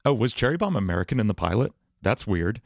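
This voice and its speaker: A man's voice: on the low side, very animated, quick pace, vocal fry, no echo, clean studio sound. A man hosting a casual livestream, thinking aloud as he tries out words for a song. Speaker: livestream host writing songs.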